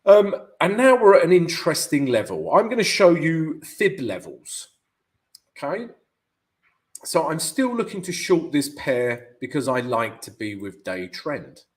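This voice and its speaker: A man from the UK with a London accent hosts a live forex stream. He answers viewers' questions in a chatty way and keeps calling them "guys". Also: a little high. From United Kingdom. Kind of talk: live market analysis and viewer Q&A.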